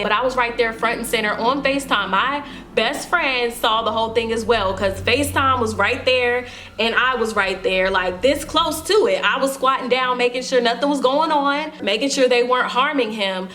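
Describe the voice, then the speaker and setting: A woman's voice: on the high side, normal speed, pushed and bright. Emphatic young woman vlogger. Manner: casual, emphatic, addresses viewers as y'all. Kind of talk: storytime vlog.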